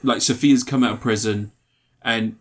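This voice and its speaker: A man co-hosting a casual film review podcast, talking with animation, swearing freely and acting out scenes in quick put-on voices. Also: medium pitch, steady tone. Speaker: podcast co-host.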